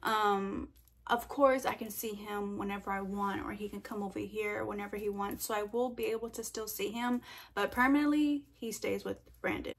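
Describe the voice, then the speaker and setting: A young woman answering viewer questions in a casual vlog, chatty and animated, full of fillers and quoted asides. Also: mid-range voice, moderate pace. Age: young adult. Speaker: vlogger.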